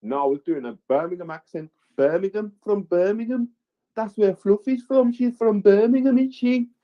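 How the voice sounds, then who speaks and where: A man's voice: sits high, normal speed, no room sound, lo-fi sound. A man hosting a casual live stream, reading the chat aloud and often repeating his own lines. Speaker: livestream host.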